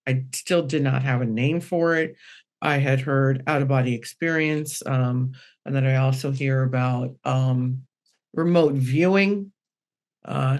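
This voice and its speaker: A middle-aged woman, a guest medium, telling personal stories on a podcast in a lively way and acting out the dialogue. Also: sits low. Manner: animated, acts out the dialogue in her stories.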